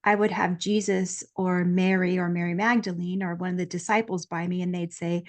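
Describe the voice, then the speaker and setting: A woman guest in an earnest, lively conversation, telling a personal story and acting out the voices she quotes. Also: lowish voice, moderate pace.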